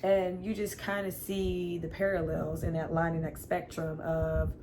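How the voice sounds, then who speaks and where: A woman's voice: fairly low pitch, completely flat delivery, unhurried, background noise. A woman casually recapping and reviewing a TV episode, animatedly acting out the characters' lines with sighs and laughs. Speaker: TV review vlogger.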